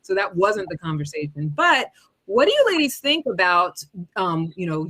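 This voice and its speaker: A woman's voice: medium pitch, fairly bright tone. A woman moderating a panel discussion, talking conversationally and asking open questions with casual fillers.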